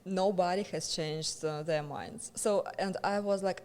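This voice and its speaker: A woman's voice: fairly low pitch, unhurried, a little mellow. Russian-accented woman with a long reverb tail. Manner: chatty, laughs between phrases. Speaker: guest stand-up comedian. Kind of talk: casual interview chat.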